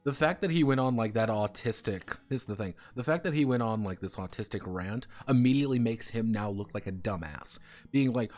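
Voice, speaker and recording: Low-voiced male streamer, loose and profane, tripping over his own words. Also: brisk, a little mellow. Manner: rambling, stumbling restarts, profane banter. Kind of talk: casual stream chat.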